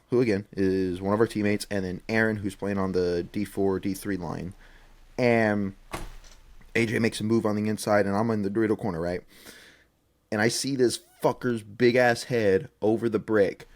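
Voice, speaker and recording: A young man co-hosting a casual podcast over a call, telling a story with lots of swearing and high-pitched quotes of himself yelling. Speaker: podcast co-host. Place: remote call.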